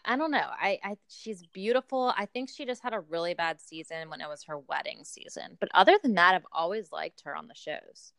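A woman's voice: lowish voice, a little fast, gravelly, few pauses, a bit bright, no room sound. A woman co-hosting a podcast, giving blunt, wry opinions and laughing while chatting about a reality show. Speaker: podcast co-host. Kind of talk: casual reality-TV recap chat.

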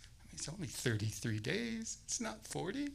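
A man playing an impatient young husband in a sermon story, pleading in a voice that climbs high. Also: sing-song, normal speed, vocal fry, breathy edge, heavily acted. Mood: eager. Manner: pleading, rising to a high squeak.

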